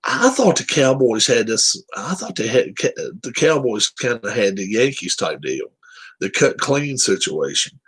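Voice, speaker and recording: A man's voice: mid-range voice, sing-song, measured pace, a bit bright, breathy edge. A man hosting casual sports chat, giving blunt, profane, opinionated takes on football teams.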